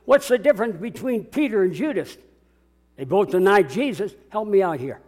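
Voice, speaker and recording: A man's voice: high-pitched, lively intonation, normal speed, darkish tone. A man preaching a sermon as a pastor, dramatic and calling out to his congregation. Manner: dramatic, call-and-response preaching.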